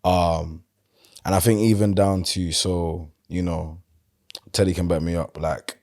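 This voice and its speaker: A man with a South London accent, chatting casually as a podcast guest and telling stories in a relaxed, loose way. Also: low voice, measured pace. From London, England. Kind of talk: casual conversation.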